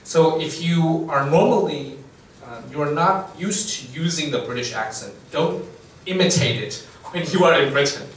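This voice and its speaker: A man hosting a livestreamed English lecture, with a slightly high voice and a relaxed, chuckling manner full of fillers. He is picked up from across an echoey lecture room. A faint background hiss sits under the voice. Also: far from the mic. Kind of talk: casual talk in a livestreamed lecture.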